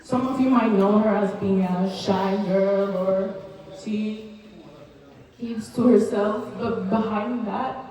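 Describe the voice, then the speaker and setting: A woman's voice: medium pitch, fairly even intonation, slow pace, warm tone. Nervous young woman giving a toast. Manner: nervous, tearful, laughing between words. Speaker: cousin giving a birthday speech. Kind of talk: emotional birthday toast. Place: large hall at a party. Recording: echoey hall, mic far off, crowd noise. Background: party crowd.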